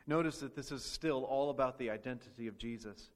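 A man's voice: mid-range voice, brisk. A man preaching a sermon as pastor, asking the congregation rhetorical questions and acting out quoted speech.

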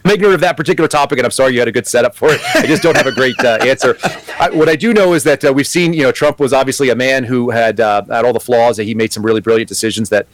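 A man's voice: medium pitch, racing, a little hiss or hum, poor audio. A man, a guest and former agent, talking earnestly in an interview and thinking aloud. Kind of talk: conversational interview.

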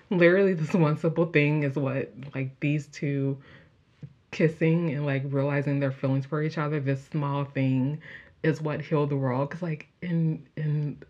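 A young woman chatting casually as she recaps a show, gushing and animated, with many fillers. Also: sits low, unhurried, dull audio. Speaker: show reviewer.

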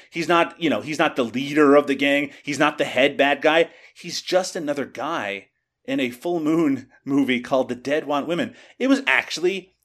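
A man co-hosting a casual movie review podcast, talking with frequent fillers and restarts. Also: fairly high pitch. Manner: hesitant, lots of fillers and restarts. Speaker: podcast co-host.

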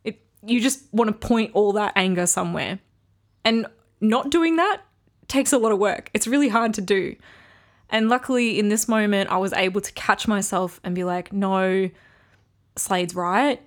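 A woman's voice: mid-range voice, normal speed. A woman hosting a solo podcast, talking candidly and reflectively about her relationship, with frequent ums. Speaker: podcast host. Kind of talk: casual solo podcast talk.

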